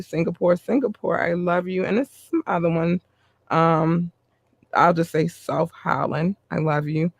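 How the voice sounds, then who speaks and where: A man hosting a podcast, reading listener shout-outs in a chatty way with running asides. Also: fairly high pitch, gravelly, dry recording. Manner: warm, chatty, reads a list with asides. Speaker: podcast host.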